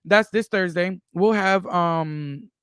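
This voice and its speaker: A man co-hosting a podcast, wrapping up the episode in loose casual chat, laughing often and filling pauses with "um". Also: high-pitched, fairly bright tone, smooth, no echo, studio quality. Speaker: podcast co-host.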